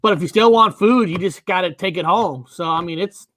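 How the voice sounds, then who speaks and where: A man hosting a podcast, chatting casually with his guest, halting with frequent uhs and self-corrections. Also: high-pitched, a bit bright, slight background noise. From United States, Washington state. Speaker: podcast host. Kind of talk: casual interview chat.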